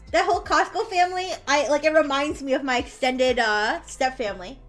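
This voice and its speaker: High-voiced chatty woman streamer. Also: soft background music. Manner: chatty and rambling, quick laughs, frequent restarts. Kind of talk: casual chat while drawing on stream.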